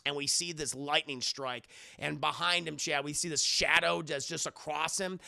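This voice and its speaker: A man's voice: fairly high pitch, fairly even intonation, moderate pace, vocal fry, bright, forceful tone, no echo, clean studio sound. A man casually recapping a movie on a live stream, rambling and profane and talking to chat. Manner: rambling and profane, full of fillers, addresses chat.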